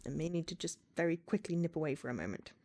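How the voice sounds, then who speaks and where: A woman streaming a game playthrough, casual and self-mocking with quick asides, over faint game music. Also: low voice, lively intonation, mellow.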